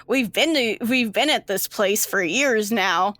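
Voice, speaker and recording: A woman's voice: on the high side, slow pace, sharp tone, no room sound. A woman doing a surly, foul-mouthed young patient. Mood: annoyed, dismissive. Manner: swearing, dismissive, sulky. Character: surly crude young male asylum patient.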